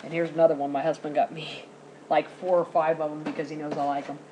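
Woman, fairly low voice, rambling casual chat, faint hiss behind. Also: little pitch movement, fast talker, warm tone, poor audio. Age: 40s. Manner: chatty, rambling, giggly. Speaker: vlogger showing a grocery haul.

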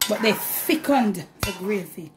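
A cooking channel host in her home kitchen chats to the camera with a Jamaican accent, dropping into Patois now and then. Her medium-pitched voice is animated yet measured in pace, and the sound is roomy with background noise.

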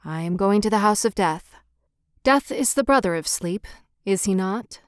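A woman voicing a small, loyal male swallow in a storybook, speaking softly. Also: high-pitched, animated, moderate pace, smooth, dry recording, clean studio sound. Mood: gentle. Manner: soft, gentle.

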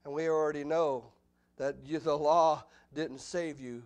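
Animated preacher, higher-voiced man. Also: unhurried, smooth. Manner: animated preaching, voice jumps high and loud when acting out quotes. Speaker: pastor. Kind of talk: expository sermon. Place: church sanctuary.

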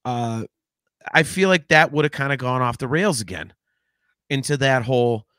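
A man co-hosting a podcast in casual chat, talking in an animated, rambling way with lots of restarts and swearing. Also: mid-range voice, normal speed, no echo, studio quality. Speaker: podcast co-host.

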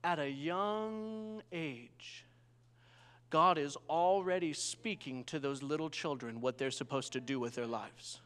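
A young male pastor preaches in an animated storytelling style, often asking his listeners for an amen. His voice sits fairly high for a man. The sound carries a long reverb from a large church hall. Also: slow pace, clean tone. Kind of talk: sermon.

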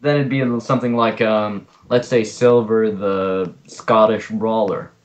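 A young man co-hosting a casual chat, hesitant and quick to laugh. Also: lowish voice, level tone. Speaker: podcast co-host.

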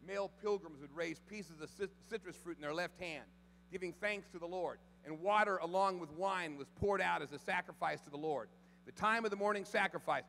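A pastor preaching a sermon in a church, swinging from hushed storytelling to loud preaching. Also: male voice, fairly high pitch, creaky. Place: church sanctuary. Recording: long hall reverb, faint mains hum.

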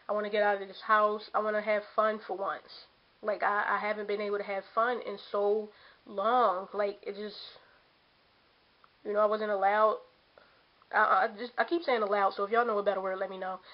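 A woman's voice: medium pitch, muffled recording. A young woman venting frankly to the camera from her bedroom, rambling with lots of "you know" and "like". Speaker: vlogger. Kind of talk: casual venting monologue to camera. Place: bedroom at home.

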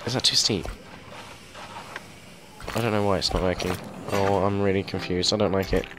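A young man giving casual, excitable commentary as he plays a game and thinks aloud into a mic held very close to his mouth. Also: low-pitched, moderate pace, over music. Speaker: gameplay video host.

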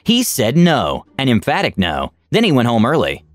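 A man narrating online stories in an expressive, scripted reading. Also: mid-range voice, normal speed, no echo. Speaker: story narrator.

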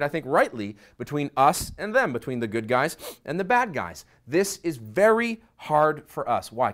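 A middle-aged man, a pastor, preaching a sermon that swings between quiet asides and loud emphasis. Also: on the high side, clear, resonant tone.

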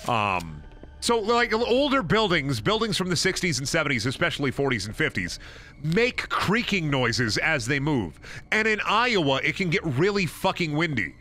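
A man's voice: a little high, sing-song, normal speed, bright, forceful tone. A man streaming a game, rambling through stories in casual chat, swearing a lot and sounding exasperated. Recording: game music under the voice. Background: game music.

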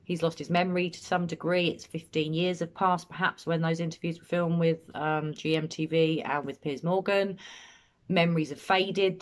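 A woman commenting on an interview clip, analysing body language in a measured, matter-of-fact way. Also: sits low, fairly bright tone. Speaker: true-crime commentator.

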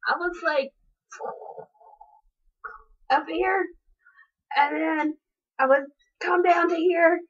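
A high-pitched young woman gushes over a music video in casual chat, giggling and squealing between slow, drawn-out thoughts. The sound is dull and lo-fi, like a cheap webcam mic. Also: fairly even intonation. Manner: gushing, giggly, bursts into squeals. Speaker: vlogger reacting to a music video.

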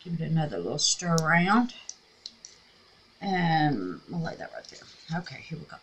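A woman with a low, fairly bright voice and big pitch swings talks at a moderate pace. She's a Southern craft vlogger from Mississippi whose scratchy voice carries a casual crafting tutorial at home as she talks to herself and calls viewers babies. Her craft room has an air purifier.

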